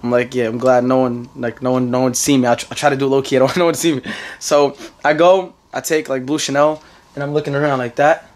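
A man's voice: medium pitch, little pitch movement, quick pace. A young man in his twenties with a New York accent, telling a rambling story to camera in a casual vlog, repeating himself and laughing often. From United States. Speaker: vlogger.

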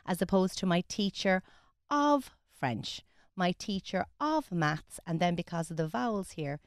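A woman's voice: fairly low pitch, big pitch swings, measured pace, smooth, no echo, studio quality. An Irish woman teaching French phrases on the radio, explaining patiently and modelling the pronunciation. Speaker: French tutor.

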